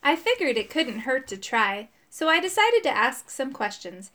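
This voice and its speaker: A woman narrating a children's chapter book aloud, expressive and voicing the characters. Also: sits high, moderate pace. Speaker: audiobook narrator. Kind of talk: children's audiobook reading.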